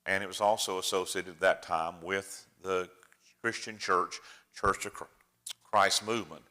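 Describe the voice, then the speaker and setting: A man's voice: on the low side, bright, forceful tone. An older man, a preacher giving a chatty, folksy slideshow talk to his congregation. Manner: folksy, chatty storyteller addressing the room.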